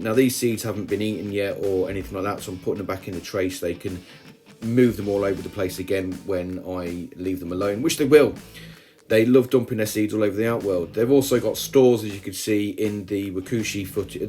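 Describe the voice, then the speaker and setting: Man, lowish voice, casual hobby vlog, chatty, rambling asides, faint guitar music behind. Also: a little mellow. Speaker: ant-keeping hobby vlogger.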